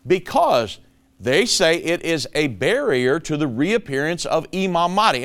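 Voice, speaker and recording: A man's voice: a little high, sing-song, unhurried, fairly bright tone. A man hosting a prophecy commentary show, talking emphatically and calling his listeners folks. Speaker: show host.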